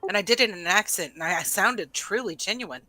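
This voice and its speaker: A woman playing in a tabletop game, describing her moves quickly and eagerly. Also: medium pitch, pushed and bright, dry recording, low-quality recording. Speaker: player. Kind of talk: casual tabletop play.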